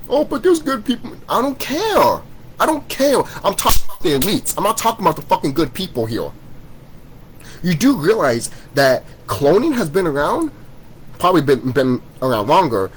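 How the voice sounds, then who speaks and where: Poor audio with slight background noise captures this medium-pitched man mid-rant. He's a vlogger scolding his viewers in a profane conspiracy tirade to camera, cursing nonstop, repeating himself and starting sentences over.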